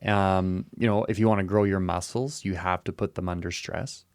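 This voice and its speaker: Low gravelly man musing in casual talk. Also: fairly even intonation, normal speed, no room sound, studio quality. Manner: musing, talks in repeated short phrases. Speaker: podcast co-host. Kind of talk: casual reflective chat.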